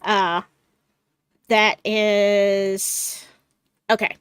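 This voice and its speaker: A woman hosting a casual panel chat, slow and chatty, laughing easily. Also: mid-range voice, little pitch movement, clear, resonant tone, no room sound, clean studio sound. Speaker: host.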